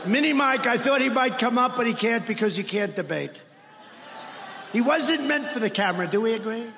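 A man giving a rally speech in a large indoor arena, mocking and shouting to the crowd. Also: very high voice, animated, moderate pace, creaky, noisy background. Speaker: politician at a rally. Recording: echoey arena with long reverb.

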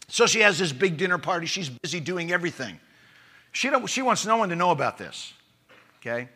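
A man's voice: high-pitched, big pitch swings, normal speed, long pauses, sharp tone, breathy edge. A man preaching a sermon, telling a story and reading scripture aloud, with emphatic rising lines. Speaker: pastor.

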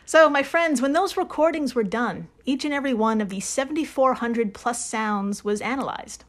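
A playful, giggly young woman co-hosts a casual podcast. Her voice sits a touch high. She explains science in plain terms and reads quotes between laughs. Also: moderate pace. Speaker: podcast co-host. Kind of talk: casual chat, reading study quotes. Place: New York.

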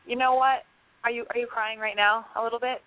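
A woman's voice: a little high, fairly even intonation, brisk, no room sound, phone-quality sound. Gushing woman host on a call-in show. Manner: gushing, emotional, reassuring. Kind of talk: casual call-in advice chat.

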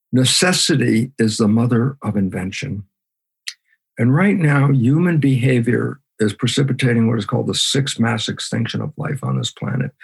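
A man's voice: medium pitch, creaky, breathy edge. A man being interviewed as a guest biologist, talking emphatically and animatedly. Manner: emphatic, acts out his own side of conversations.

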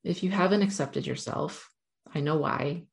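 A woman with a low, deep-set voice speaks straight to her viewers in an earnest, encouraging motivational talk. She addresses them directly and keeps urging them on. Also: measured pace, gravelly. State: near tears at moments. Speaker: self-help speaker.

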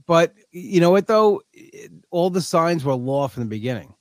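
A man hosting a podcast, chatting casually and animatedly, often acting out scenes in quick put-on voices. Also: fairly high pitch, expressive, dry recording. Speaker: podcast host. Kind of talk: casual chat.

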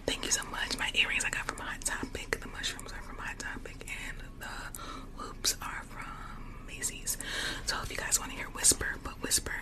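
Whispering woman chatting in ASMR. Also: normal speed. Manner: soft unvoiced whisper, chatty with viewers. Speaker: ASMR streamer. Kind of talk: ASMR live stream chat. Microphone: USB condenser mic up close.

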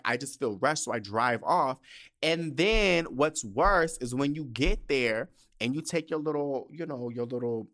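A man hosting a solo podcast, telling a heated, profane story about fast food with exasperated asides. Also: mid-range voice, fairly bright tone. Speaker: podcast host. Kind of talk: casual solo podcast rant.

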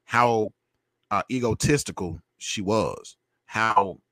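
A man's voice: fairly low pitch, takes it slowly, fairly bright tone, no echo. A man, a podcast guest talking in an emphatic, preachy way and often repeating himself. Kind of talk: opinionated casual talk.

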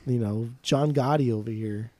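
A man's voice: mid-range voice, normal speed, darkish tone. Profane, blunt man on a podcast. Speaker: podcast co-host. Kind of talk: casual music podcast chat.

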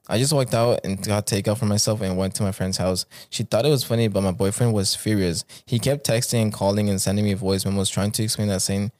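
A man's voice: fairly low pitch, steady tone, brisk, few pauses, a little mellow, dry recording, studio quality. A man hosting a podcast, reading stories aloud in a laid-back, casual way and swearing freely.

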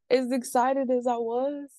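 A woman's voice: high-pitched, dark tone, no echo. A woman, telling a personal story candidly and emotionally, often saying "like". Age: late 20s. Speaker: podcast guest sharing her story.

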